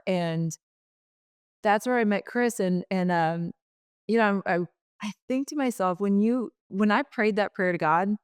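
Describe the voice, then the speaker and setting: A woman's voice: fairly low pitch, clear, resonant tone, dry recording, studio quality. A middle-aged woman, a podcast guest, telling a personal story frankly and chattily, acting out the dialogue she quotes.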